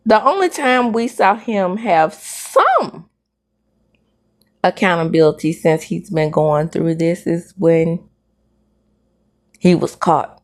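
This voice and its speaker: A woman's voice: fairly low pitch, expressive, slow, pauses often. A middle-aged woman hosting a casual celebrity gossip commentary, sassy and emphatic, full of slang asides. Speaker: host of a celebrity gossip show.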